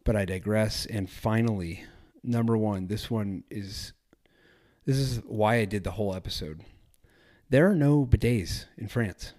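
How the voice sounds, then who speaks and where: A man's voice: on the low side, measured pace, mellow. A man hosting a travel podcast, chatting casually in a rambling, self-correcting way. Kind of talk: casual solo podcast talk.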